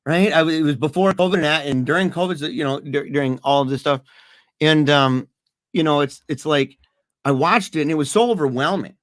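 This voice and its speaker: Earnest, animated man podcaster. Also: on the high side, a little fast, dry recording, clean studio sound. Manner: animated, earnest, laughs often, repeats words. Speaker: podcast co-host. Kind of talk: casual podcast conversation.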